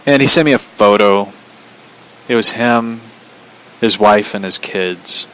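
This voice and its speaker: A man's voice: lowish voice, slow pace, pushed and bright, slight background noise, low-quality recording. A man casually telling a personal story, chatty, relaying a conversation line by line and laughing often.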